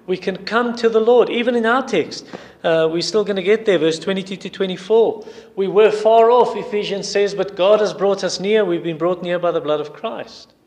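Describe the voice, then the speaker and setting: A man's voice: high voice, normal speed, a little mellow. A male preacher delivering a sermon and retelling a story in an emphatic way. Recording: long hall reverb.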